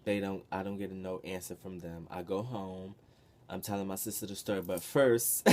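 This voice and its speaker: Animated, profane young man telling a story. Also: low-pitched, normal speed. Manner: animated, profane, expressive with sudden loud bursts. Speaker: vlogger. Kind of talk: casual storytelling.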